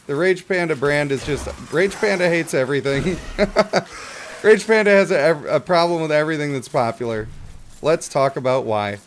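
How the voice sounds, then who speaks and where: A man's voice: fairly high pitch, a little hiss or hum. A man streaming a game, chatting casually and rambling in a wry, self-mocking way while reading chat.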